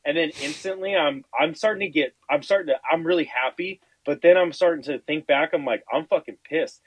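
Profane, animated male storyteller. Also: on the high side, a little fast, slightly rough, no echo, low-quality recording. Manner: animated, profane, acts out quotes. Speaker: podcast host. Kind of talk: casual storytelling chat.

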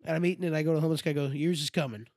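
High-voiced young man telling a crude story. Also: steady tone, very fast, a little mellow, no room sound, clean studio sound. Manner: crude, rambling anecdote teller, acts out quotes. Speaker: podcast co-host. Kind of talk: casual storytelling chat.

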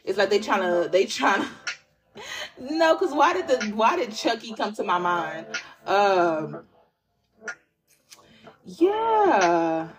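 A woman's voice: mid-range voice, very animated, normal speed, poor audio. Chatty, profane woman giving a tarot reading. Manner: chatty and profane, addresses listeners as "y'all" and "honey bunnies"; repeats phrases for emphasis. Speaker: tarot reader. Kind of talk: casual tarot reading monologue.

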